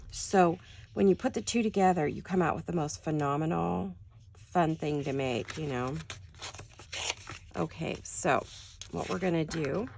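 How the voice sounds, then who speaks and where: An older woman with a raspy early-morning voice chats quietly and casually to her viewers while she works on a craft project in her home studio. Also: lowish voice, slight background noise. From California. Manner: quiet, chatty, addresses viewers directly. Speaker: crafting channel host.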